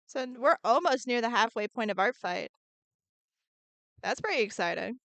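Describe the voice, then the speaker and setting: A woman's voice: a little high, animated, normal speed, a bit bright, no echo. A woman streaming as she draws, chatting in a bubbly way, answering her chat and muttering to herself as she works. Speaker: art streamer. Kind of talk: casual live-stream chat while drawing.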